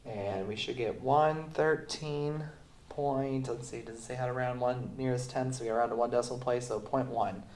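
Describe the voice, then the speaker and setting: A man who is sick, teaching a recorded math lesson in a relaxed way with many fillers, going through the steps slowly. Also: mid-range voice. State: sick, voice sounds off. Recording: roomy echo.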